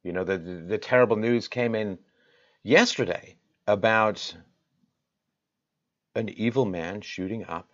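A man hosting his own show, speaking straight to his audience with impassioned, rhetorical delivery that swings from loud peaks to quiet intensity. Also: on the low side, a little slow, long pauses, highs cut off. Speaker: show host. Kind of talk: direct-to-camera address.

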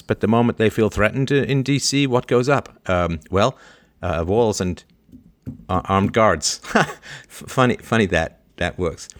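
A man hosting a livestream, chatting playfully, joking and laughing as he reads out viewer greetings. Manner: animated, jumps between high and low pitch. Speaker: host.

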